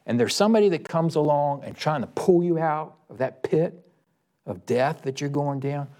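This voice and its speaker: A man preaching a sermon, emphatic and questioning, who breaks into a story and pushes his voice up high at the key points. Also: darkish tone. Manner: emphatic, rising to high-pitched exclamations.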